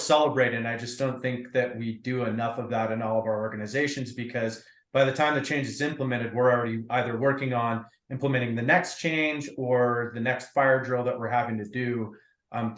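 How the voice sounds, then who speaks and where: A man's voice: medium pitch, steady tone, brisk. A man facilitating a breakout group in casual meeting talk, reflective and loose with fillers, heard over a video call. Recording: echoey room.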